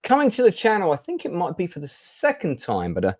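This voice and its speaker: A man's voice: sits high, wildly swooping pitch, fast talker, darkish tone, no room sound. A man hosting a casual livestream chat show, talking chattily with many fillers and restarts. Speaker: host.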